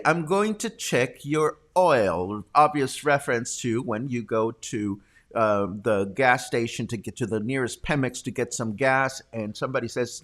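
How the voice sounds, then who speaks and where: Animated, bright-voiced man hosting. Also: medium pitch, normal speed. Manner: playful, bursts into loud laughter. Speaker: host of a live community show. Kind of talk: lively live-stream chat.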